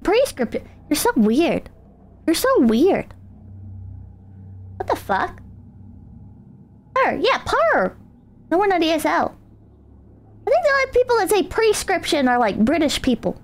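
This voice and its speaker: Very high-voiced, teasing American woman. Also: big pitch swings, normal speed, pauses often. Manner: teasing, crude, swears freely. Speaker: streamer. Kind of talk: casual chat, reading viewer donations. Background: faint music.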